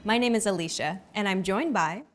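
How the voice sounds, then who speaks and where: A woman hosting a scripted language lesson, explaining clearly and evenly. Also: mid-range voice, fairly quick, faint music behind. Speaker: lesson host.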